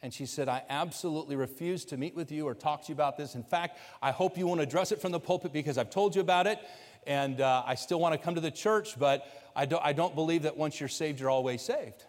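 Male pastor, storytelling sermon, fairly high voice, long church-hall echo. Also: fast talker. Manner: conversational storytelling, voicing quoted people, building to loud preaching. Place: church sanctuary.

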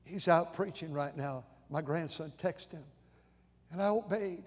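A man's voice: on the high side, unhurried, husky. An older man preaching a sermon in a conversational, storytelling way, often stammering and repeating his starts. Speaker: pastor. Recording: long hall reverb.

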